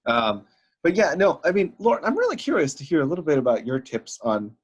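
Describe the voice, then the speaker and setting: A young man co-hosting a casual podcast chat, talking in an animated way and acting out the people he quotes. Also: fairly high pitch, brisk, breathy edge, highs cut off. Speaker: podcast co-host. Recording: online call audio.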